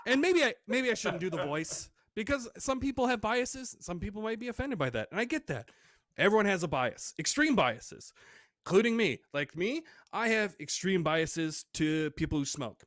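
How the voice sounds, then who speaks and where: A man's voice: high voice, very animated, normal speed, a bit bright, dry recording, clean studio sound. A man from Michigan doing a self-deprecating stand-up set over a video call from home, acting out the voices of people he quotes. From Michigan, USA. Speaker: stand-up comedian. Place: home room.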